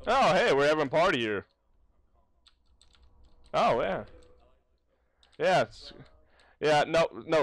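A young man streaming a horror game at his computer, his voice leaping up in frantic yells and laughter. His pitch swings wildly, and the dry, close recording keeps every shout right at the ear. He talks slowly, drawing out his pleas. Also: very animated, no echo. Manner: panicky yelling and laughing, pleading with the monster. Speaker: gaming YouTuber. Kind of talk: let's play commentary.

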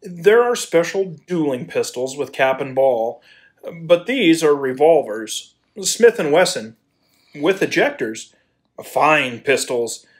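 A blustering landowner, hot-tempered yet suddenly lovestruck, as a man acts him out. He stammers and pleads, slow and halting, with a voice that leaps from low mutters to high outbursts. A community audio-play performance. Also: sing-song. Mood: instructive. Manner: stammering, then bursts into shouted pleas. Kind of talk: amateur radio play acting.

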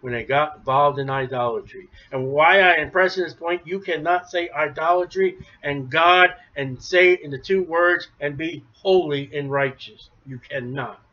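A man preaching a sermon, emphatic, rising to near shouts then dropping low. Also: a little slow, few pauses. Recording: dull lo-fi recording.

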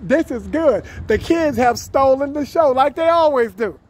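Very high-voiced effusive street vlogger man. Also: expressive, normal speed. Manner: effusive, warm-hearted, repeats catchphrases, laughs often. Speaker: YouTube vlogger greeting strangers. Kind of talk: upbeat street vlog. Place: outdoors on a city street by passing cars. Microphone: camera he films himself with.

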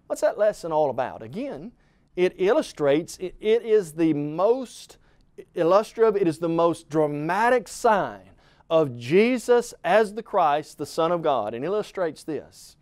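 Earnest middle-aged male preacher, a little high-pitched, emphatic delivery with rising and falling volume. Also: very animated, measured pace, a little mellow, dry recording. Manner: addresses the listener as "friend". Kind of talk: televised Bible lesson.

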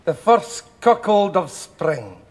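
A man's voice: sits high, sing-song, slow, a little mellow, a little hiss or hum, exaggerated voice. A man playing a police officer who taunts a prisoner in short, curt lines. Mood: taunting.

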